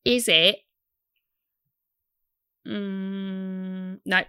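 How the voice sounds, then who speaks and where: A woman, co-hosting a casual chat about a TV show, animated and quick with asides. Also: mid-range voice, clear, resonant tone, dry recording, clean studio sound. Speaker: podcast co-host.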